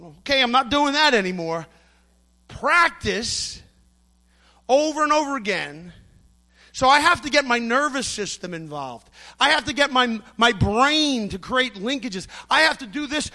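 High-voiced, bright-toned middle-aged preacher. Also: male voice, lively intonation, moderate pace. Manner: emphatic, storytelling, acts out quotes. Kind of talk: sermon.

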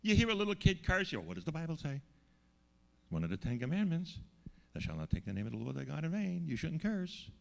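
Gravelly, emphatic preacher man in a hall. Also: fairly high pitch, very animated. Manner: emphatic, slows down to stress words, asks the audience questions. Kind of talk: sermon.

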